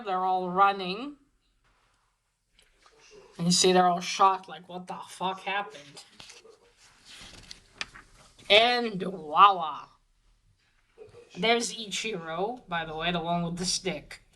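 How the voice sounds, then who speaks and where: A woman's voice: mid-range voice, pushed and bright, rough recording. A woman giving a casual, chatty comic book review, talking with many fillers and restarts.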